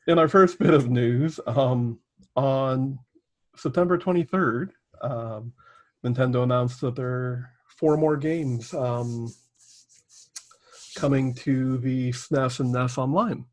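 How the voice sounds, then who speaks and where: A man chatting casually as co-host of a gaming podcast. He rambles through news items, stopping often for ums and uhs. His voice sits at an ordinary middle pitch. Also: slow pace, darkish tone. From Canada. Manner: rambling, filler-heavy news reading. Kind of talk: casual chat.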